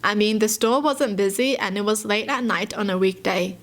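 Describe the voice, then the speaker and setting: A woman's voice: mid-range voice, moderate pace. A woman who is a YouTuber reads stories aloud and reacts to them in an emotive, sympathetic, chatty way, with gasps, sighs and lots of "you know". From Australia.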